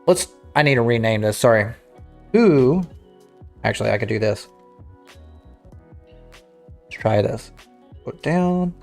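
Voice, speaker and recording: A man's voice: medium pitch, expressive, slow, long pauses, darkish tone, faint music behind. Rambling livestream host, man. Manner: rambling, self-interrupting, clears throat. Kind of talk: casual livestream chat.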